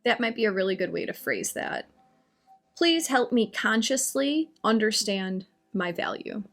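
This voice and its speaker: A woman's voice: mid-range voice, animated, measured pace, fairly bright tone, soft background music. A woman on a live stream talking about astrology and answering viewer comments in a chatty, reassuring way. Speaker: astrology and oracle reader.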